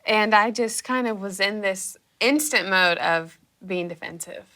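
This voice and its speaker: Bright, animated young woman with vocal fry. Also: mid-range voice, unhurried. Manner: animated, acts out her own past reactions. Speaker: guest telling her story. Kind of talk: casual storytelling.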